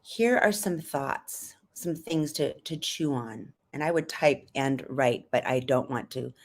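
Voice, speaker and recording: Her pitch is extremely low and her delivery unhurried. The middle-aged voice coach teaches on a podcast, earnestly and calmly breaking breathing down step by step.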